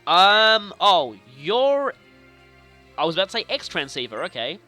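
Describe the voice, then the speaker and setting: Young man, gameplay commentary, bright tense voice, very lively pitch. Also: measured pace. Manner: chatty, playful, animated reactions. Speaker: let's play host. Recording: faint game music behind.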